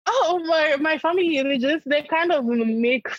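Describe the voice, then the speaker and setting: A woman's voice: sits high, a little slow, no room sound, lo-fi sound. A young adult woman, a comedian guest, chatting animatedly and laughing often. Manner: animated, laughs often, acts out family in quotes. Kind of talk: casual interview chat.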